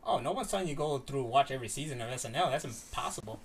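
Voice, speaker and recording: A man chatting casually, animated and full of fillers, now and then swearing. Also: mid-range voice, quick pace, far from the mic. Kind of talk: casual chat.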